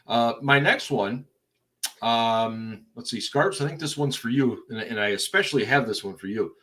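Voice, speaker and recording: Male podcast host, bright tone, stammering restarts, leads the segment. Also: medium pitch, expressive, moderate pace. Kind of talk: casual sports podcast chat.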